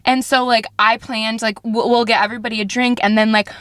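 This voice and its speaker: A woman's voice: fairly high pitch, a little fast, no echo. A pregnant woman co-hosting a podcast, telling a story in casual chat with lots of "like" fillers. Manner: animated, many "like" fillers, acts out quotes. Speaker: podcast co-host. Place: podcast studio.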